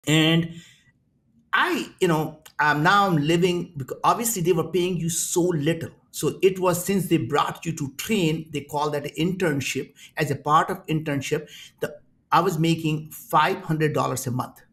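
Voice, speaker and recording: Indian man in his 60s, entrepreneur guest, lively anecdotes with acted-out voices. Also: on the high side, normal speed. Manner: animated, acts out quoted voices in his stories. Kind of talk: storytelling in an interview.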